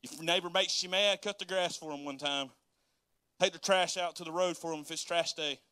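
Bright-voiced folksy preacher man. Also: on the high side, fairly even intonation, fairly quick, clean tone, dry recording, clean studio sound. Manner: folksy, dialect-heavy preaching with laughter and acted-out quotes. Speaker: pastor. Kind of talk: sermon.

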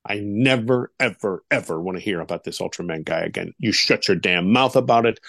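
A man voicing his stern father, who speaks low and emphatically as he scolds his young son. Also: a little fast, gravelly, a bit bright, dry recording, clean studio sound. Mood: stern warning.

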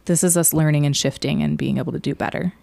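A woman co-hosting a casual talk show, an animated storyteller in a conversational manner. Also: sits low, fast talker, gravelly, dry recording. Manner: animated storyteller, puts on a defiant child voice. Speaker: podcast co-host.

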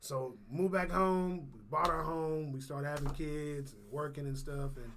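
A man in his thirties from St. Louis, a guest comedian chatting casually on a podcast, laid-back and quick to laugh. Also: on the high side, fairly bright tone, a little hiss or hum. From St. Louis, USA.

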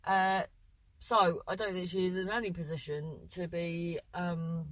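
A woman's voice: on the low side, flat delivery, unhurried, no room sound, rough recording. A woman co-hosting a podcast from a parked car, chatting in a rambling, self-mocking way while congested with a runny nose. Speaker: podcast co-host. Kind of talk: casual chat.

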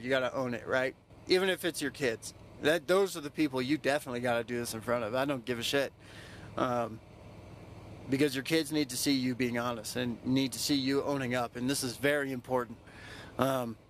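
A man's voice: medium pitch, fairly bright tone, a little hiss or hum. A young man, a podcast host, telling a personal story casually, loose and profane, with lots of "you know" fillers.

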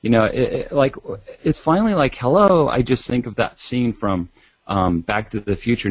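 A man's voice: mid-range voice, moderate pace, no echo, muffled recording. A man, a doctor, speaking as a talk show guest and telling stories animatedly, with many restarts. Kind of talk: casual talk show interview.

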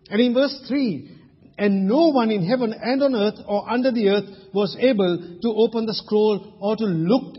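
A Sri Lankan pastor with a high, husky voice preaches emphatically in a large church hall, posing rhetorical questions. The recording sounds dull and lo-fi, with long hall reverb.

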